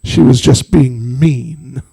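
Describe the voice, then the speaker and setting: Older guy doing a pouty little boy god in a story, slow and dragging, a bit gravelly, loud and stubborn, won't budge. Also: medium pitch, heavily acted. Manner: petulant, insistent.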